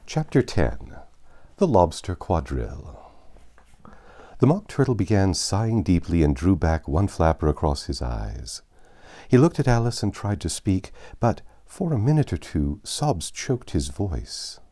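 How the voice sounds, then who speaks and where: A man reads a classic book aloud in a very deep, dark, mellow voice. His delivery is unhurried, and his pitch rises and falls expressively as he tells the story. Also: very animated. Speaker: narrator.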